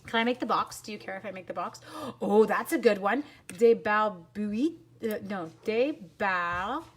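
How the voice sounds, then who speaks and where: A woman hosting a live papercraft tutorial, bubbly and chatty, quick to laugh while she answers viewers. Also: mid-range voice, husky. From Canada. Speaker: papercraft demonstrator and teacher.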